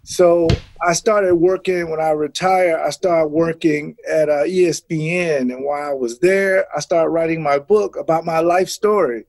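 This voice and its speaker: A man's voice: on the high side, fairly even intonation, moderate pace, hardly any pauses, darkish tone, no echo. A middle-aged man and former pro football player, a guest telling stories in a casual interview and acting out the voices of the people he quotes.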